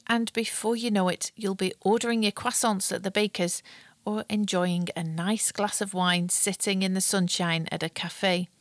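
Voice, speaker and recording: A middle-aged woman hosting a podcast, explaining language topics in a clear, teacherly way and chatting casually with a guest. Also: mid-range voice, no room sound, clean studio sound. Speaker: podcast host. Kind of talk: scripted podcast narration and casual chat. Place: back garden.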